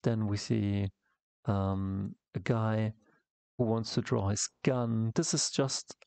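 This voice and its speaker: Low gravelly man rambling through a comic tutorial. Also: steady tone, warm tone, no echo. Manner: rambling, halting, many fillers and restarts. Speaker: comic artist teaching. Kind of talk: casual tutorial narration over artwork.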